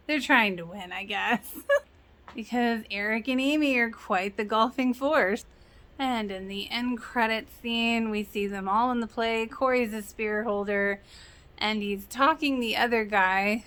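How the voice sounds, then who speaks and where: Chatty recap host: woman, slightly high voice, laughs easily, loose casual delivery. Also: fairly bright tone. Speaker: reaction channel host. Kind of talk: casual episode recap and reaction.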